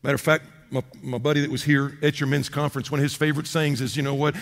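A man preaching a sermon, swinging between loud emphatic peaks and low, quiet asides. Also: little pitch movement, fast talker, vocal fry. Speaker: pastor. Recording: long hall reverb.

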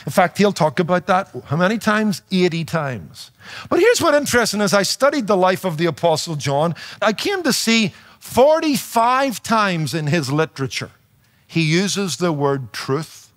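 High-voiced emphatic male preacher. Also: sing-song, normal speed, a bit bright. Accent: non-native to his audience, noticeable. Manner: emphatic, with rhetorical questions and humor. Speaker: pastor and radio preacher. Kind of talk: sermon.

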